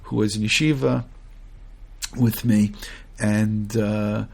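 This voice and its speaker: A man's voice: on the low side, steady tone, slow pace, creaky. A man, a rabbi, giving a conversational Torah lecture. He earnestly questions his listeners, restarts phrases, and chants Hebrew verses between his English explanations. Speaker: rabbi teaching a Torah class.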